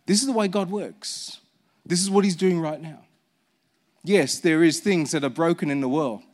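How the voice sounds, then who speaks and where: High-voiced male pastor preaching. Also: moderate pace, a little mellow. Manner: conversational, rhetorical questions to the congregation. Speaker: senior pastor. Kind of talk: sermon.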